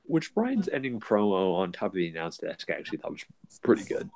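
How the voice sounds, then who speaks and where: Lower-voiced young man with opinions. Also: huge pitch swings, brisk, vocal fry, darkish tone, rough recording. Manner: starts lines with "which", opinionated. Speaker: podcast co-host. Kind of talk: casual wrestling chat.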